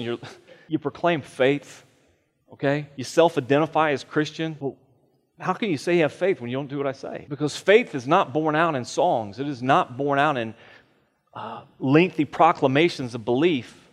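A man's voice: medium pitch, in a large hall. A man preaching a sermon as pastor, earnest and emphatic, repeating phrases for weight. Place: church sanctuary.

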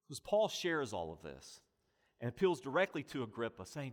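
A man's voice: medium pitch, brisk. A man preaching a sermon, pressing rhetorical questions and building emphasis through repetition. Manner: animated preaching, voice rising and falling with emphasis. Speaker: pastor.

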